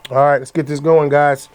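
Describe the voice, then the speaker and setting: A man chatting casually to the camera as he makes fresh juice, talking to viewers while he works. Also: a little high. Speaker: vlogger making juice. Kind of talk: casual kitchen demonstration. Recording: loud juicer noise over voice.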